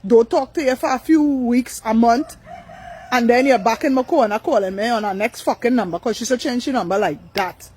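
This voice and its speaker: A woman's voice: fairly high pitch, a little fast, a little mellow, slight background noise, rough recording. An older woman, ranting on a live stream, blunt, profane and repetitive. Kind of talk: angry live-stream rant.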